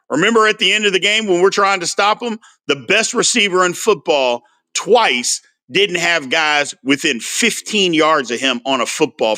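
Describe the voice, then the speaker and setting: Man, bright tense voice, animated, casual livestream host, talks back to chat. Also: fairly high pitch. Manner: animated, answers viewer comments by name. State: frustrated. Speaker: sports talk host.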